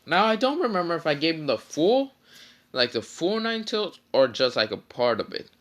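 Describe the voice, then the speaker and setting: Brief: casual, rambling male storyteller, foul-mouthed and tired; bright, animated delivery. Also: fairly high pitch, moderate pace. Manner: rambling, swearing, many fillers. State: tired after little sleep. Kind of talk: casual fan-fiction storytelling.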